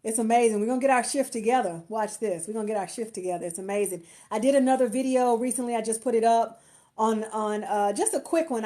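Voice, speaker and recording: A woman talks to her followers on a phone live stream, gushing with gratitude and often restarting her sentences. Her voice sits a little high for a woman. She speaks as a marketer and empowerment coach, in a casual, chatty way. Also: darkish tone. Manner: effusive, grateful, lots of restarts and laughter.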